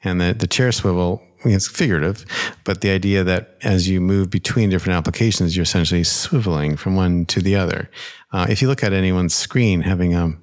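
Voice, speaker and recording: A man's voice: deep voice, brisk. A middle-aged man hosting a podcast on a close studio microphone, talking in a casual, playful, rambling way, with fillers and self-corrections. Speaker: podcast host.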